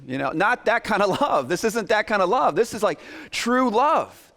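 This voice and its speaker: Man, pastor, sermon, high voice, animated, acted-out asides. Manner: animated, acts out listeners' reactions in quick asides.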